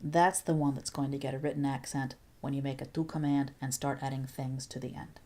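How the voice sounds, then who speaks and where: A woman Spanish teacher explaining grammar step by step in a recorded video lesson, patient and clear with playful asides. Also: rumbling low, level tone, a little fast, dark tone.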